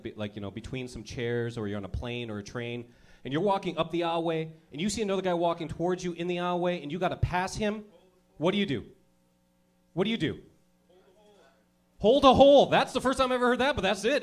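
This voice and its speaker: A man doing a crude, brash stand-up comedy routine, acting out little scenes as he goes. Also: high-pitched. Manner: crude, brash, acts out characters.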